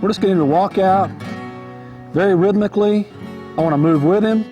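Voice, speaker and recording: Man, riding instructor, folksy and relaxed, a touch high-voiced, guitar music underneath. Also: moderate pace, dull audio. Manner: easygoing, folksy, repeats key points. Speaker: horse trainer. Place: outdoor arena on horseback. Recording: music playing behind.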